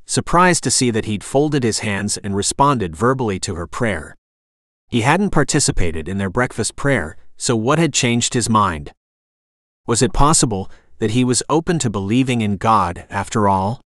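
A man reading a romantic suspense novel aloud as an audiobook narrator, in a steady, even storytelling manner. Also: lowish voice, no echo, clean studio sound. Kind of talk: scripted narration.

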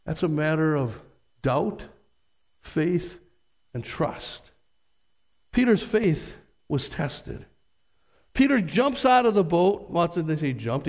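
High-voiced pastor preaching in a reverberant hall. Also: male voice. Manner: reads scripture aloud with dramatic emphasis, asks the congregation rhetorical questions. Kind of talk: sermon. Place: church sanctuary.

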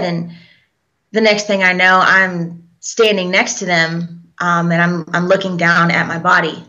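A young woman with a lowish voice and a sharp, bright edge tells her story haltingly, pausing often and leaning on fillers. The recording is dull and lo-fi, as if the top end were shaved off. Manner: halting, hesitant, with frequent fillers. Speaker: guest. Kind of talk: personal storytelling in an interview.

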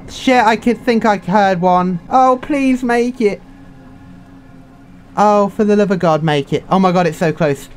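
Excitable, sweary young man gaming. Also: high voice, a little slow, slight background noise. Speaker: gaming video creator. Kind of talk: game commentary. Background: faint game music.

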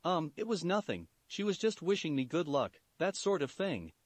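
A man's voice: fairly high pitch, very animated, normal speed, no room sound. Man voicing a sheepish teenage ninja boy. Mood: easygoing.

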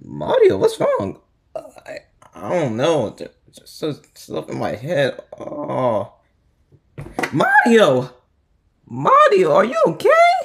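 A performer voicing a timid adult male plumber brother who stammers and bursts into shrill panic. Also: huge pitch swings, slow, creaky, a little mellow, a little hiss or hum, heavily acted. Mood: uneasy. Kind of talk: fan puppet-style comedy video.

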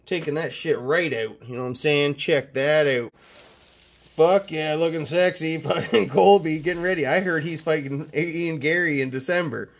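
Man, from canada, card channel host, swears nonstop, hyped, slightly high voice. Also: moderate pace. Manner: profane, excitable hype talk. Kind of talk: casual mail-day chat.

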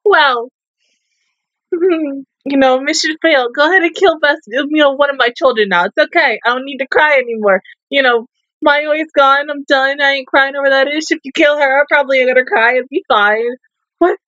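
A woman reacting to and reviewing an anime in casual, expressive chat, swearing and breaking into loud outbursts. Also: high voice, moderate pace, no echo, muffled recording.

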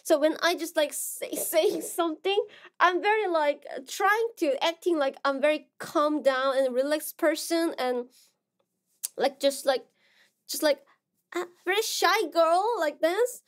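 A young woman with a Korean accent, a streamer chatting casually with her viewers, soft-spoken and halting, full of fillers and restarts. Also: high voice.

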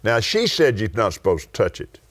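An older man with a West Texas accent, preaching and teaching in a studio conversation, slow and emphatic, stretching key words and breaking into exclamations of praise. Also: on the low side, huge pitch swings, a bit bright. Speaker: television preacher and host.

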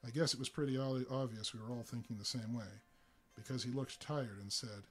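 A man reading a story aloud live, in an unhurried storytelling manner with frequent fillers. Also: mid-range voice, fairly even intonation, soft background music. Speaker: narrator.

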